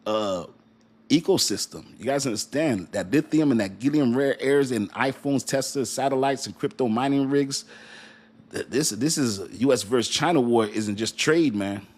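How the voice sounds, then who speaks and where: Man, crypto stream host, animated, jokey, mid-pitched, talks right to the viewers. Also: moderate pace. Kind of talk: casual livestream commentary.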